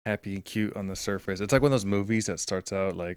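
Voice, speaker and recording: A man's voice: on the low side, fast, clean tone, no room sound, clean studio sound. A man co-hosting a podcast in casual chat, playfully spinning made-up story ideas. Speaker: podcast co-host.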